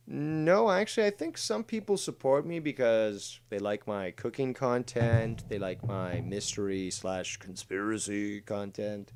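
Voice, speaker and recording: A man hosting a livestream with a slightly low voice. He talks bluntly and swears freely. He reads chat comments aloud in an offhand way. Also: slow pace, darkish tone, clean tone. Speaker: host.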